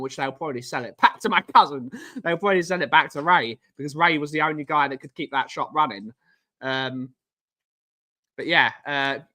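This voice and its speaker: A young man hosts a casual live stream, his voice bright and forward. He rambles from one thought to the next and answers viewers by name as their comments come in. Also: a little high. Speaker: livestream host reading chat.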